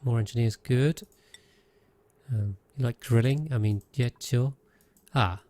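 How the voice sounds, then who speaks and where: A man's voice: medium pitch, a little slow, mellow. A man streaming a game, thinking aloud in casual commentary with frequent restarts and trailing sentences.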